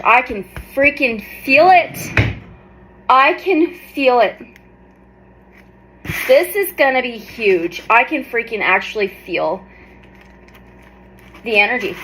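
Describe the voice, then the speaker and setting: A woman in her thirties doing an excited unboxing vlog, gushing and exclaiming often. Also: fairly high pitch, measured pace, long pauses, slight background noise, low-quality recording. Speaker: tarot reader and vlogger.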